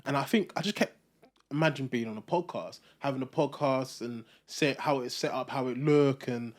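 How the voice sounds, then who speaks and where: Young male co-host, reflective, meandering, middle pitch. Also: normal speed. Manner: reflective, chatty, with many fillers. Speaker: podcast co-host. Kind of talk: casual chat.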